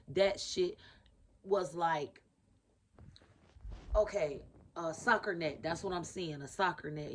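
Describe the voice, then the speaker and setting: A woman giving a casual spiritual reading to camera in a blunt, profane, emphatic way, repeating her key phrases. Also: low-pitched. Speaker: spiritual reader.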